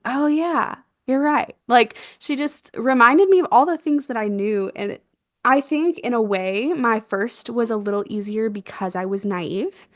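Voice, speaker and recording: A young woman telling a birth story in a casual chat, animated and quick to laugh, acting out what was said. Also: a little high, dry recording, studio quality. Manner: animated, laughs often, acts out quotes. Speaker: guest, doula.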